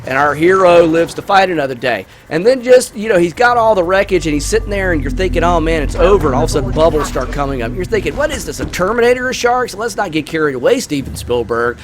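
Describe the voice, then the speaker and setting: A man casually chatting over a video game while retelling a movie plot, rambling and excitable, with lots of fillers. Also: fairly high pitch, quick pace, hardly any pauses, faint music behind. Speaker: gaming YouTuber. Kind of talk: casual gameplay commentary with movie review.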